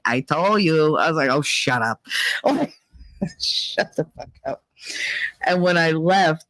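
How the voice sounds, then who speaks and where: A woman's voice: low-pitched, no echo. A woman hosting a casual chat show, telling stories in a blunt, profane way. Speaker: host.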